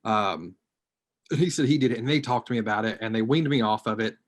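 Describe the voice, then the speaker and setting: On an online panel, a male social work student gives personal testimony in a rather low voice, speaking quickly. He sounds hesitant and reflective, his words often fading quietly away.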